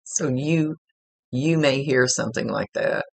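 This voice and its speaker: A man working as a psychic medium does a casual spirit reading, rambling as he relays messages aloud. His voice is medium-pitched, gravelly and husky, and he speaks at a measured pace.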